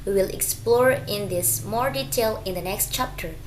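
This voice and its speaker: A woman's voice: medium pitch, normal speed. Woman reading lecture notes in an echoey room. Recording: echoey room with faint noise.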